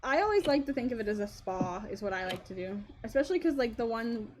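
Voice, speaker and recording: A woman's voice: a little high, big pitch swings, quick pace. A young woman co-hosting a game stream, chatting casually and rambling with frequent laughter. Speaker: streamer co-host. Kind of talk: casual chat while playing a game. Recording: noticeable background noise.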